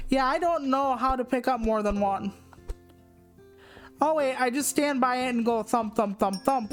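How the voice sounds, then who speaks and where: A woman's voice: on the high side, moderate pace, soft background music. A woman in her forties hosting a let's play, chatting in a goofy, self-mocking way. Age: 40s. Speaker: gaming channel host. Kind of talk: casual let's play commentary.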